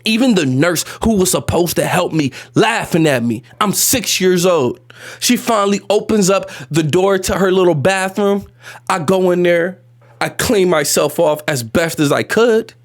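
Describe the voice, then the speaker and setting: A man telling a painful personal story as a vlog monologue, animated and repetitive, slangy and profane, close to tears. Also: high voice, moderate pace. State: emotional, on the edge of tears.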